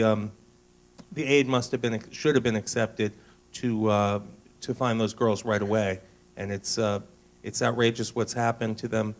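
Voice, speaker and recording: A man with an ordinary mid-range voice answers at a candidate forum. He hesitates often, padding his sentences with ums. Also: medium pitch. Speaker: congressional candidate.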